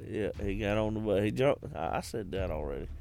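A man's voice: lowish voice, animated, fairly quick, creaky, a little mellow, a little hiss or hum. A man co-hosting a podcast, chatting casually about movies, giggly and profane, drifting into tangents. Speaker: podcast co-host.

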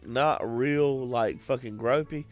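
A man talking casually with a friend and swearing freely. His pitch sits in a middle range. Faint music plays behind him. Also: slow pace. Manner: profane, laughing, animated retelling. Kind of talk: casual chat.

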